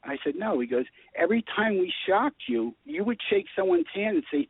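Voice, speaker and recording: A man telling his story in a casual radio chat, animated and acting out the dialogue. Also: sits high, brisk, slightly rough. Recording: tinny phone line.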